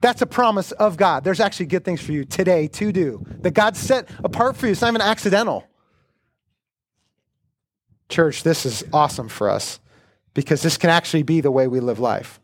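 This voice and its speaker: A male pastor with a noticeably high voice delivers a sermon that moves between prayer and storytelling. He speaks earnestly and conversationally, like he's talking with his congregation. The sound is close and dry. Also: big pitch swings, normal speed, no room sound.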